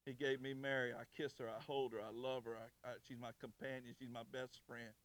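A man, preaching in church, swinging from loud, rising exhortation to soft, intimate storytelling. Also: medium pitch, little pitch movement, a little fast. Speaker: pastor. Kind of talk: sermon.

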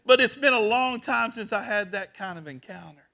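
Gravelly high-voiced man preaching with feeling. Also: normal speed. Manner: emotional preaching, swinging from quiet to shouting. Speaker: pastor. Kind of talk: sermon.

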